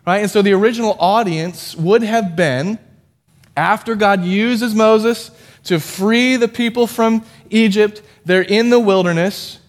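A man's voice: sits high, measured pace. A man preaching a casual, conversational sermon as a pastor, self-deprecating and prone to restarting his sentences.

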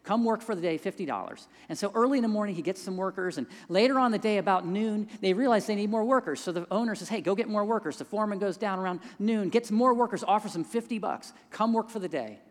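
Guy preaching a story-sermon, goes quiet then lifts up on big points, long echo from a big hall. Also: high voice, fast talker, few pauses. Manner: drops to hushed tones in quiet moments, rises when stressing points. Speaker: pastor.

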